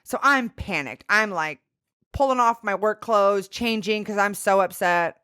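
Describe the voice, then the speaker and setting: Young woman on a podcast, rambly animated storytelling, curses a lot, voice in the middle. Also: medium pitch, a little slow, clean tone. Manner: animated storytelling, swearing, acting out quotes. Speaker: podcast co-host. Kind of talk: casual chat.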